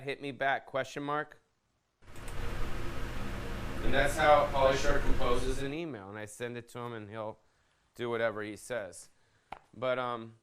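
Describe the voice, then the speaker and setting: A man's voice: mid-range voice, a bit bright, clean tone. A man in his fifties hosting a podcast, talking in a loose, profane, jokey rant and tossing questions to his producer. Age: 50s. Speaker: podcast host. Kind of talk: casual rambling rant.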